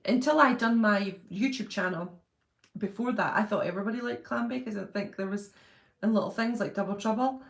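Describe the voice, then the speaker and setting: Woman, live-stream host, chatty and laughing, reads viewer comments aloud; mid-pitched voice, echoey room. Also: brisk, gravelly. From Britain. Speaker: channel host reading live chat. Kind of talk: casual live-stream chat. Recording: roomy echo.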